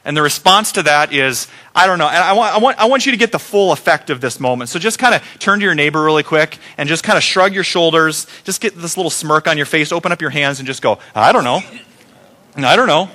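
Animated high-voiced male pastor. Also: fast, hardly any pauses. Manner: animated storytelling, acts out sounds and quoted replies. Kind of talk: sermon.

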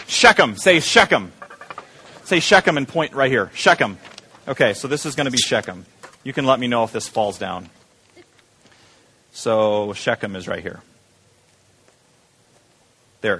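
A man's voice: medium pitch, sharp tone, slightly rough. A man preaching a sermon as pastor, joking with the congregation and having them repeat words back. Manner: jokey, engaging the audience with call-and-response.

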